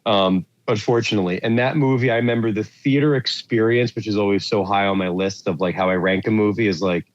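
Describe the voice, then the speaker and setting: A man's voice: lowish voice, fairly even intonation, fairly quick, lo-fi sound. A man co-hosting a movie podcast, chatting casually and rambling with lots of fillers as he searches for words. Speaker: podcast co-host. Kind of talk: casual chat about movies.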